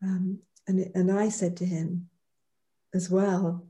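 A woman guest in a reflective conversation, speaking in a measured, affirming way. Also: on the low side, little pitch movement, mellow.

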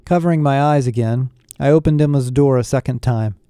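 A man narrating a first-person story in a steady storytelling delivery. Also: medium pitch, a little fast, clear, resonant tone, no room sound, clean studio sound. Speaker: audiobook narrator.

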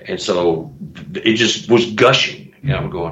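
Guy on a podcast telling wild stories, lively, stumbles over words, kinda roomy dull sound. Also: sits low, unhurried. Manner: animated storyteller, acts out voices, laughs, repeats words. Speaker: guest author and Bigfoot investigator. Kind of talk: casual chat.

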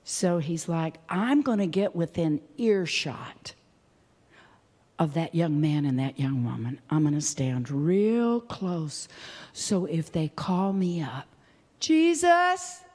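A woman preaching a sermon to a church, shifting from hushed whispers to loud, fervent shouts. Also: low voice, slow. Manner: passionate, swings between whispers and shouts. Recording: long hall reverb.

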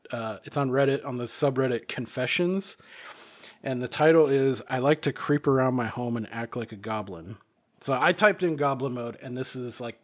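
Male podcast host, casual, swears a lot, rambles with ums and uhs, mid-range voice. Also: medium pitch. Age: adult, married. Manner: rambling, profane, lots of fillers and restarts. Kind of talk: casual chat.

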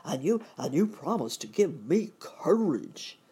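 Woman doing scaredy lion, low husky, hesitant. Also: sing-song, unhurried, mellow, full character voice. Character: cowardly male lion, hesitant.

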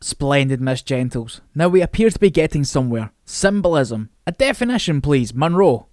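A man voicing a precise, pompous middle-aged male English teacher with crisp, sardonic diction. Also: a little high, very animated, moderate pace, a little mellow, no echo, clean studio sound. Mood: pleased.

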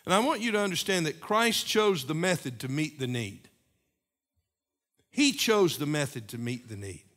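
A pastor preaches a sermon in a slightly high voice for a man. He builds to loud, emphatic peaks, then drops to quiet, repeated phrases for weight.

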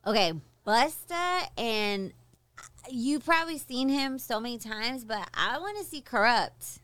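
A woman's voice: on the high side, expressive, measured pace, fairly bright tone, clean tone, no room sound. A woman co-hosting a casual radio show, playful and chatty, often cutting in. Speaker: radio co-host.

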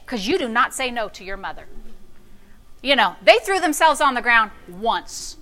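A middle-aged woman pastor preaching a sermon, telling a story with sassy, animated delivery that swings from hushed to loud. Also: fairly high pitch, normal speed.

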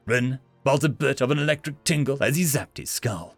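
A man's voice: medium pitch, lively intonation, normal speed, creaky, no room sound, soft background music. A man narrating an audiobook expressively, giving each character a voice.

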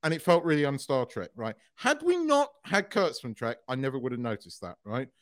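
A man co-hosting a podcast in casual chat, excitable, swearing freely and laughing often. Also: medium pitch, brisk, no room sound, studio quality. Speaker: podcast co-host.

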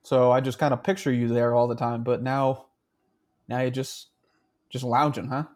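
A man's voice: medium pitch, flat delivery, normal speed, a little mellow. A man co-hosting a podcast in casual chat, laughing often and swearing freely. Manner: laughing, crude banter. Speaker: podcast co-host. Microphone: handheld mic.

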